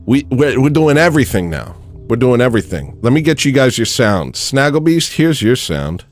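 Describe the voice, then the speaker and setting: Male streamer, mid pitch, lively rise and fall, dry rambling comedy, faint music underneath. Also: normal speed. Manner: deadpan, drifts into loud baby-cry impressions. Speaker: livestream host. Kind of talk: rambling comedic livestream chat.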